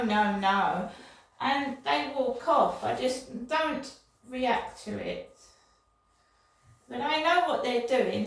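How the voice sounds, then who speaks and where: An older woman vlogs in a fairly high, creaky voice, delivering a rambling, indignant monologue full of repetition and digressions. She sounds distant from the mic in an echoey room.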